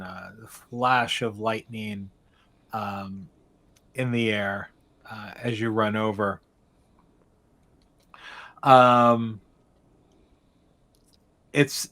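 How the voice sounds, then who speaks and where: A man running a tabletop game as game master, narrating scenes in a meandering, halting way with frequent restarts. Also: lowish voice, a bit bright.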